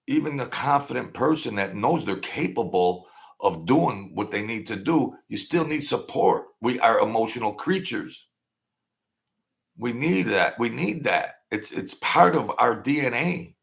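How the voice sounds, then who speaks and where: A man's voice: mid-range voice, animated, a little slow, gravelly. A man in his sixties hosting a live stream, talking casually and rambling to his viewers, often digressing and laughing at his own jokes. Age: 60s.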